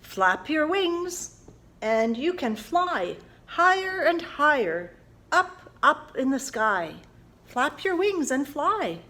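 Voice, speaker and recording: Woman children's librarian, high and slow, playful storytime reader who leads kids in actions. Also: very animated, bright, forceful tone. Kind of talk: family storytime reading for young children.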